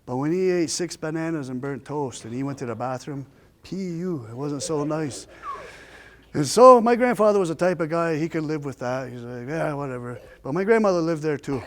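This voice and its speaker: A man telling a family story in a lively, folksy storytelling style, with shifting pace and dramatic pauses. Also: on the high side. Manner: homespun, folksy phrasing. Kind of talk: oral storytelling.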